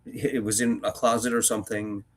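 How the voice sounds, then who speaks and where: Rambling, chatty male reader, lowish voice. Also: little pitch movement, moderate pace. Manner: rambling, chatty, many fillers and restarts. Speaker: reader and host. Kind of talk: casual commentary between readings.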